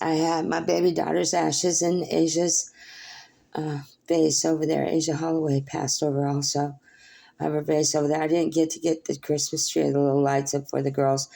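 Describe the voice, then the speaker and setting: A woman's voice: a bass voice, vocal fry. Older woman, phone vlog, rambling spiritual monologue, emotional, preachy. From Portland, Oregon. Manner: emotional, preachy, swings between soft and loud; talks baby-talk to her dog. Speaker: vlogger.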